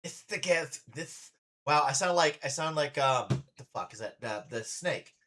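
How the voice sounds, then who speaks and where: A man's voice: a little high, animated, normal speed, bright, forceful tone, a little hiss or hum. Man, stream host, chatty, playful, teasing, casual reaction chat. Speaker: streamer host, drag performer.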